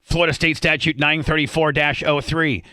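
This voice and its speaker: Bright-voiced man hosting talk radio. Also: fairly high pitch, flat delivery, normal speed, clear, resonant tone, no echo, some chatter behind. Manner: reads out legal statutes, stammering restarts. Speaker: radio show host. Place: radio studio.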